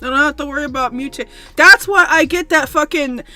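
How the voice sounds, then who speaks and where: A young woman streaming a strategy game, cursing a lot and going from loud frustrated outbursts to quiet rambling explanations. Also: high voice, a little fast. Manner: swears often, swings from shouting rage to mumbled explaining. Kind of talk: casual gameplay commentary. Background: faint background music.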